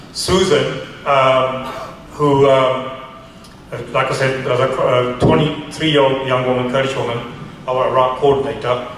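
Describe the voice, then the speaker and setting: A man, a charity founder, recounting a story in a radio interview in an earnest, halting way with many restarts. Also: medium pitch. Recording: echoey room, far from mic, faint hiss.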